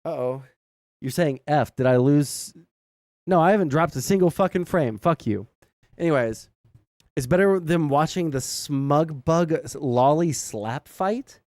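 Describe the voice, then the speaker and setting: A man's voice: a little high, a little slow, a little mellow, dry recording, studio quality. A man streaming casual political commentary, swearing and rambling off the cuff.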